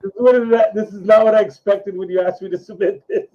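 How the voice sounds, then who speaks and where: An easygoing male comedian chats as a guest, laughing along. His voice is high. The audio is dull and lo-fi. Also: steady tone, fairly quick. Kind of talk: casual chat.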